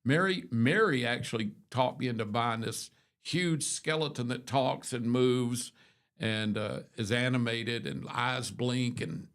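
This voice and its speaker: A man's voice: mid-range voice, a little slow, a bit bright. An older man hosting a morning show, telling long rambling stories in casual chat, full of restarts and asides. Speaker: radio show host.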